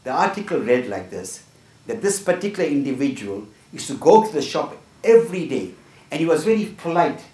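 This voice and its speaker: A man's voice: fairly high pitch, sing-song, brisk, dark tone. Earnest middle-aged man, echoey distant. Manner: earnest, tags points with "right?". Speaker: workshop speaker. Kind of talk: motivational talk with personal stories. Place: room with a small group.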